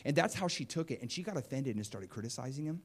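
A man's voice: medium pitch, fast. Conversational male preacher. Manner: animated and conversational, acts out quotes. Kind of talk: sermon.

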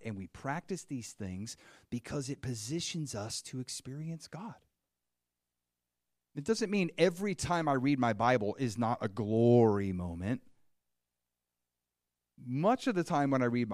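A man preaching to a congregation, moving between soft, hushed passages and bursts of excitement as he tells his story. His voice sits in an ordinary middle pitch. The sound is dry and close, with no room echo. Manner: animated storyteller, swings from quiet to excited. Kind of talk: sermon with storytelling.

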